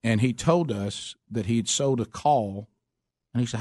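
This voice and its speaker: A man's voice: medium pitch, a little slow, a little mellow, dry recording, studio quality. Rambling Southern man, folksy storyteller. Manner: rambling, folksy storyteller who laughs often. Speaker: host. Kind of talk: casual radio chat.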